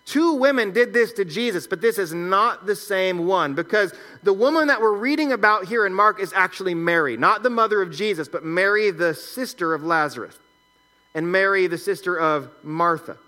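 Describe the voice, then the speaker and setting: A man's voice: high-pitched, normal speed, sharp tone. A man preaching a sermon, reading scripture aloud and explaining it in a conversational teaching manner. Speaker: pastor.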